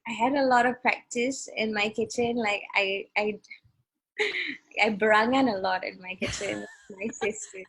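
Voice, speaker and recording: A Malaysian woman in her thirties, a chef guest telling stories in a lively casual interview, laughing often and acting out quotes. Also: medium pitch, a little slow, vocal fry, breathy edge, low-quality recording. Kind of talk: casual radio interview storytelling.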